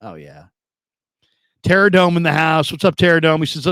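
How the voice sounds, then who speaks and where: A man's voice: a little high, lively intonation, normal speed, fairly bright tone, clean tone, no room sound. A man hosting sports talk radio, reading listener comments in a loose, rambling way with plenty of laughs and repeated phrases.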